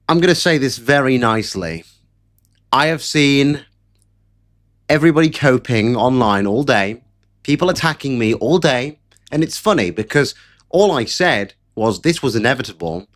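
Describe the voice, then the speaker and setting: A man's voice: mid-range voice, lively intonation, moderate pace, a bit bright. A man delivering sarcastic, mocking political commentary in a ranting live stream. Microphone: camera setup at home.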